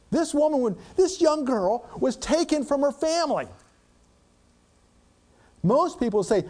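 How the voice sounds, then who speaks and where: Man, preacher, high voice, lively sweeping pitch, reads scripture then comments dramatically. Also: measured pace. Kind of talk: sermon with scripture reading.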